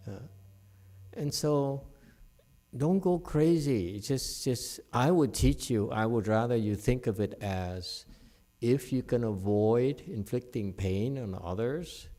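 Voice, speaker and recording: Unhurried middle-aged man teaching Buddhism, dark-toned and blunt, ribs his audience with a laugh. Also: lowish voice. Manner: frank and scolding, teases listeners by name, laughs often. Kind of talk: dharma talk to a live audience.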